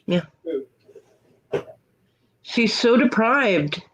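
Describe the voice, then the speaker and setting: A woman hosting a casual live stream hangout, chatting in an animated way and laughing often. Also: a little high, extremely slow, poor audio. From United States. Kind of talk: casual chat.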